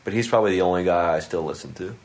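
A man's voice: low voice, very fast. A man, a stand-up comedian, chatting loosely with lots of filler words. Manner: loose, laid-back, many fillers. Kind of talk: casual chat. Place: hotel room.

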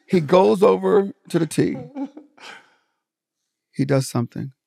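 A man's voice: high-pitched, measured pace, vocal fry. A man telling a golf story with lots of swearing, acting out what everyone said in a casual podcast chat. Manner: animated, profane storyteller acting out quotes. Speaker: podcast guest, comedian.

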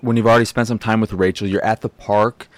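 A man's voice: fairly low pitch, fairly even intonation, quick pace, dry recording. A young man ranting through a casual game review, profane, sarcastic and exasperated.

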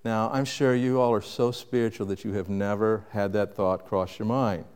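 A man preaching a sermon with dynamic delivery, rising to loud emphasis and dropping to quiet reflection. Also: on the low side, fairly even intonation, normal speed, smooth, in a large hall. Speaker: pastor.

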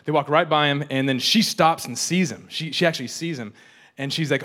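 Young male preacher, higher-pitched, chatty sermon, frequent restarts, playful asides. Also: fairly quick, pushed and bright. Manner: casual, repeats and restarts words often, joking asides. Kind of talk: conversational sermon.

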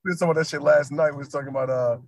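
A man co-hosting a podcast, trading quick, offhand banter in casual chat. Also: fairly high pitch, fairly even intonation, creaky, no echo, clean studio sound. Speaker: podcast co-host.

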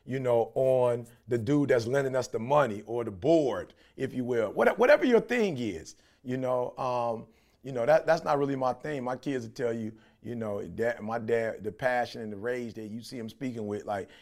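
A man's voice: mid-range voice, normal speed, a little mellow. A middle-aged man from Detroit, a podcast co-host talking in a passionate, preachy way. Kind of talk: casual podcast chat.

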